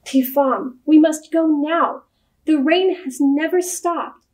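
A woman voicing a gentle, worried village mother who speaks softly and urgently, in a church storybook reading. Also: high-pitched, takes it slowly. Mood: earnest.

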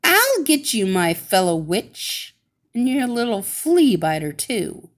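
Woman doing a wicked witch, storybook villain, menacing, slow drawn-out threats, swooping pitch. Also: lively intonation, darkish tone. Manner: menacing, demanding.

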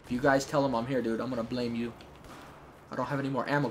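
A man's voice: medium pitch, fairly even intonation, fast, slight background noise. Chatty man commenting his gameplay. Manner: chatty, jokey, shouts and squeals in tense moments. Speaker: gaming YouTuber. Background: game gunfire.

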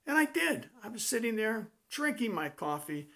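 A man hosting a comedy show, telling jokes in a punchy, animated monologue. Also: sits high, moderate pace, vocal fry. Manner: animated, punchy joke delivery.

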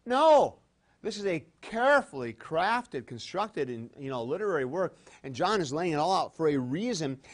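Animated male theology lecturer. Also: mid-range voice. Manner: animated, emphatic, swings between loud stresses and quiet asides; conversational, acts out imagined objections. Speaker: theology professor. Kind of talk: classroom lecture.

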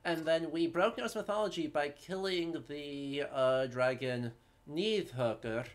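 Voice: mid-range voice, measured pace. A live-stream co-host chatting casually, plugging the channel and recapping a game's story in an upbeat way. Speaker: co-host of a history gaming stream.

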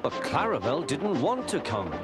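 Brief: expressive male narrator for a kids' story, animated pitch, over loud music. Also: moderate pace.

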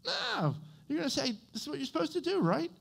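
A man's voice: quick pace, gravelly. A man pastor preaching a conversational sermon, often checking in with the congregation with "okay?" and "right?". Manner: animated, with swings in pitch and loudness. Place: church.

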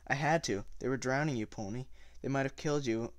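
A man reading aloud the quiet, flat lines of a frightened teenage boy. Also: mid-range voice, fairly quick, dry recording, close to an everyday voice. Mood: shaken. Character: scared but steady teenage boy.

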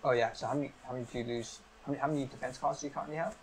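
A man's voice: mid-range voice, fairly even intonation, creaky, a little hiss or hum, low-quality recording. Man explaining game rules step by step. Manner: explains each rule step by step, brisk and upbeat. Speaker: game master. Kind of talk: explaining a tabletop game on a live stream.

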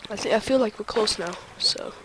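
A young adult gamer giving let's play commentary, excitable and talking to themself while playing. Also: medium pitch, fairly quick, slight background noise. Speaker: gaming video creator.

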